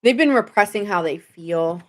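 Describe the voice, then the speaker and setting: A woman with a medium-pitched voice, lively intonation, and normal speed does a casual tarot reading on a live stream. She's chatty and rambling, reading the chat aloud and thanking viewers along the way.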